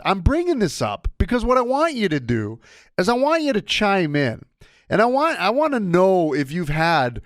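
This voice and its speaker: A man's voice: dry recording, studio quality. A man hosting a sports podcast on his own, talking casually and telling stories with big swings in his delivery. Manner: animated storyteller with wide swings of pitch. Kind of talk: casual solo podcast monologue.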